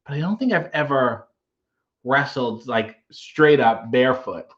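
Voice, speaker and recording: A man's voice: mid-range voice, expressive, a little slow, muffled recording. A man hosting a casual livestream, reading viewer comments aloud and riffing on them with wry humor. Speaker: livestream host reading chat.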